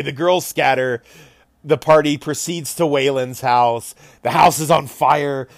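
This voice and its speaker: A man, the game master, casually recaps a tabletop game with loose, profane energy and frequent laughter. His voice has a gravelly, creaky texture at a middle pitch. The sound is close and dry. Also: no echo. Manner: animated, profane, laughs often.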